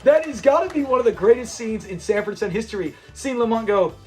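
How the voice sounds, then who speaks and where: A man with a high voice talks casually and eagerly as a channel host, looping back on himself and restarting sentences as he goes. Faint music plays softly behind him. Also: fairly quick, a faint crowd. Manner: enthusiastic and rambling, with frequent restarts and quoted lines. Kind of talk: casual fan commentary on a classic sitcom.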